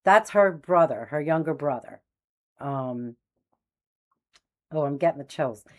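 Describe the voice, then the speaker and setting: Woman in her sixties, a medium telling personal stories in a low voice, animated, acts out voices. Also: unhurried, lo-fi sound. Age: 60s. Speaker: spiritual medium host. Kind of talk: personal storytelling.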